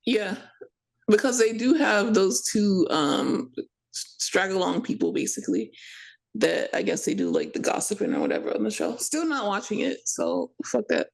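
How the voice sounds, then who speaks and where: A woman co-hosts a casual gossip podcast in a gravelly, husky voice. She gives fast, opinionated takes full of asides and blunt swearing. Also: medium pitch, sing-song. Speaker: podcast co-host.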